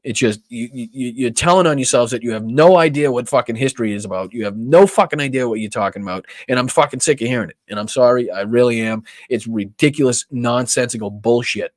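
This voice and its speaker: A man's voice: mid-range voice, fast, hardly any pauses, dry recording. A man with a Boston accent hosting a political live stream, ranting with heavy profanity. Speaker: political podcast host.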